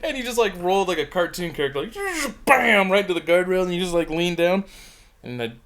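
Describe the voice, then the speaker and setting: A man in casual podcast chat, retelling a friend's crash with excitement, swearing and laughter. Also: sits high, a little fast. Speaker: podcast co-host.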